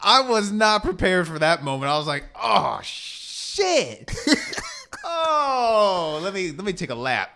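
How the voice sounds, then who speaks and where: Laughing bright-voiced man reviewing a film. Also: high voice, unhurried. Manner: animated, laughs often, acts out scenes. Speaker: podcast co-host. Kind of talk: casual movie review chat.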